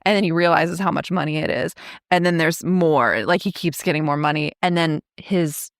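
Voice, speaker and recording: A woman's voice: low voice, normal speed, no echo, clean studio sound. A woman co-hosting a podcast, retelling a film's plot in casual chat, laughing often as she acts out the characters' lines. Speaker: podcast co-host.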